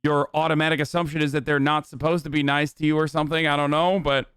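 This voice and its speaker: A man's voice: fairly high pitch, level tone, fast talker, fairly bright tone, clear, resonant tone, no echo, studio quality. A man streaming live on a desk microphone, reacting to a video with blunt, profane, exasperated commentary.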